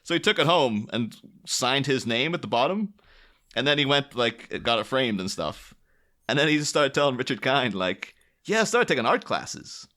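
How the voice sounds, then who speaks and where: Podcast co-host, male, bright tone, loose rambling storyteller who acts out the people he quotes. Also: mid-range voice, lively intonation, moderate pace. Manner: rambling anecdote with acted-out quotes, many fillers. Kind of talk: casual storytelling chat.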